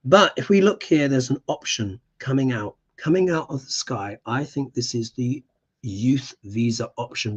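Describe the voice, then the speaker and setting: A man's voice: mid-range voice, breathy edge, highs cut off. A man hosting a live astrology show, reading tarot cards and ranting with emphatic passion.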